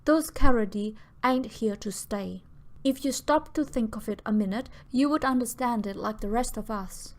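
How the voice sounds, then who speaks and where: A woman voicing a blunt, gruff older man who talks in a coarse, insistent way. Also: on the high side, normal speed, natural voice. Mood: urgent, insistent.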